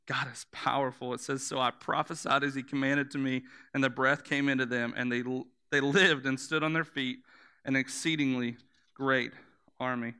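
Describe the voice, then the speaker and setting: A man's voice: mid-range voice, steady tone, normal speed, bright, forceful tone, clear, resonant tone. A man preaching a sermon, telling the story in vivid images, repeating words for emphasis and asking the listeners to close their eyes and imagine.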